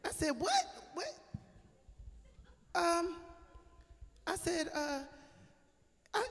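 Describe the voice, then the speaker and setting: A woman's voice: very high-pitched, sing-song, extremely slow, long pauses. A woman singer telling a chatty story from a club stage into a handheld microphone, laughing as she goes. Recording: live room with long reverb and music behind. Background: live band music.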